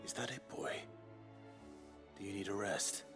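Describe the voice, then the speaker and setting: A calm low-voiced warrior. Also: male voice, soft background music. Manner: calm, soft-spoken, measured.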